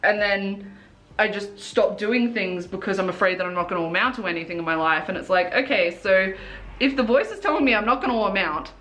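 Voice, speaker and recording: A woman's voice: mid-range voice, brisk, a bit bright, slight background noise. A young woman beauty vlogger chatting casually and earnestly while doing her makeup, rambling with lots of fillers and restarts. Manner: earnest and self-reflective.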